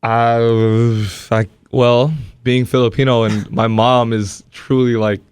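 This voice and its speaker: A relaxed man from Hawaii chats casually as an interview guest. His voice sits at an average pitch and sounds close and dry. He laughs easily between thoughts. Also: slow, clear, resonant tone, no room sound. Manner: laid-back, easygoing, laughs often. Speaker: guest, comedian.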